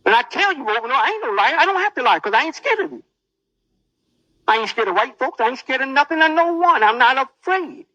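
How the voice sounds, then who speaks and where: Fast and animated, the man delivers a menacing, boastful sermon, his very high and bright voice swinging up and down. It sounds like a dry, dull old lo-fi tape with no room sound at all.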